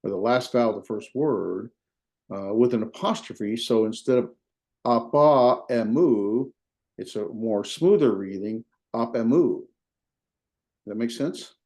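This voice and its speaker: A man's voice: lowish voice, moderate pace, mellow. A man with a Southern US accent teaching a beginner Greek class in a folksy, repetitive way with many fillers. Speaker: Greek instructor. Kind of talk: informal classroom lecture.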